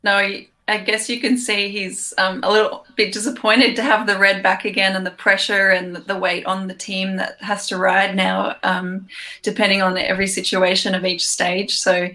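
Woman co-hosting a cycling-ish podcast, bright voice, explains stuff clearly. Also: mid-range voice, flat delivery, moderate pace. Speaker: podcast co-host, former pro cyclist. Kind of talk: casual chat.

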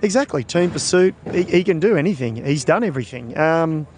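Australian male co-host, slightly raised pitch, loose and joking. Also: lively intonation, brisk, a little mellow. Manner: chatty, laughs often, teasing. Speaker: podcast co-host and cycling commentator. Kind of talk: casual chat.

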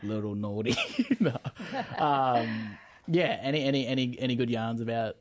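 A man's voice: medium pitch, normal speed. A man chatting casually, hesitant and often chuckling. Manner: chuckling, hesitant, many fillers. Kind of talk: casual chat.

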